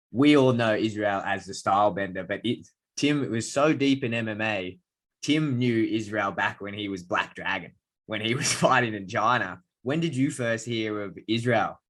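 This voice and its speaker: A man's voice: lowish voice, a bit bright. A man hosting a podcast, asking eager questions with long setups in a conversational way. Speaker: podcast host. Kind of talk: conversational interviewing.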